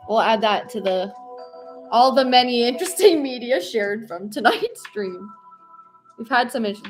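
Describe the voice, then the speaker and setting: A young woman streamer chatting casually and playfully with her viewers while she paints pumpkins. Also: medium pitch. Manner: chatty and playful, reacting to chat.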